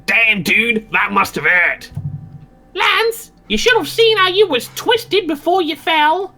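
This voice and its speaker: A man's voice: very high voice, sing-song, takes it slowly, pushed and bright, faint music behind, pitched above the performer's own voice, heavily acted. A man voicing a brash, rowdy young guy with an Australian accent in an amateur fan-fiction reading.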